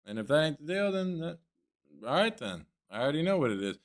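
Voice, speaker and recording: A man's voice: fairly high pitch, very animated, quick pace, no room sound, clean studio sound. A man hosting a crude comedy podcast, bantering casually, laughing often and acting out quotes. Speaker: podcast host.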